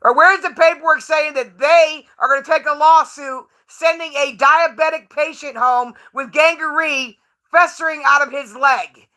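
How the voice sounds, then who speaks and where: A woman on a livestream, chatting straight to her viewers with a high, bright voice. She is brash, profane and taunting, and laughs a lot between lines. Her talk is loose and off the cuff. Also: steady tone, measured pace. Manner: laughs often while talking. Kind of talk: casual livestream talk to chat.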